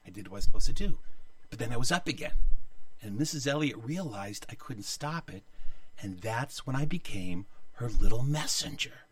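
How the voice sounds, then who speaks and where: A man telling a childhood story, animated and acting out the voices of the people in it. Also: medium pitch, moderate pace, no echo, recorded from a distance. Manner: animated, acts out voices of others.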